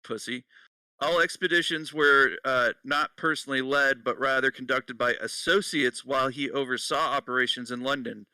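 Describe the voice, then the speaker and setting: A man's voice: medium pitch, fairly even intonation, normal speed, no echo. Casual podcast co-host, male, swears and laughs a lot, dry mic sounding a bit distant. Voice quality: bright, laughing, profane. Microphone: headset.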